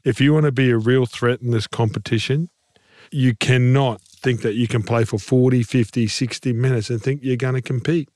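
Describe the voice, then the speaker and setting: A former rugby league player co-hosts a rugby league podcast, sharing blunt, passionate opinions in casual studio chat. His mid-range voice is a little mellow, fairly even in intonation, and moderately paced, recorded at studio quality with no room sound.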